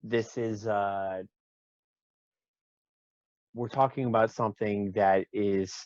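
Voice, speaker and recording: A man's voice: fairly low pitch, steady tone, slow, darkish tone, no echo, highs cut off. A young man co-hosting a casual talk show, speaking in a laid-back, rambling way. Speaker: podcast co-host. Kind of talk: casual chat.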